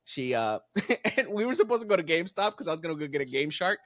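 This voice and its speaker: A man's voice: on the high side, quick pace, no echo. A man co-hosting a podcast, telling stories in casual chat and acting out the voices he quotes. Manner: animated storyteller, acts out quotes. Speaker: podcast co-host.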